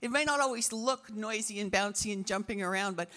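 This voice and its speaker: A woman's voice: medium pitch, fairly quick, bright, forceful tone, in a large hall. A woman pastor preaching a sermon, telling stories enthusiastically with casual fillers. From Canada. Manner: enthusiastic, storytelling, fillers like "you know".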